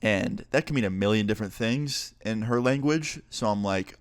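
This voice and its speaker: A young man and YouTuber telling a story in an animated, profane, excitable way. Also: on the low side, normal speed, no room sound, clean studio sound. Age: young adult. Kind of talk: storytime vlog.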